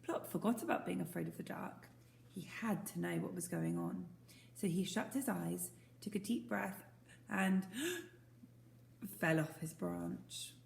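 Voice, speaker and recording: Gravelly woman reading a storybook. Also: on the low side, measured pace, slight background noise. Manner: gentle, asks the listeners questions. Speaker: teacher. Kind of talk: storybook read-aloud. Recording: roomy echo.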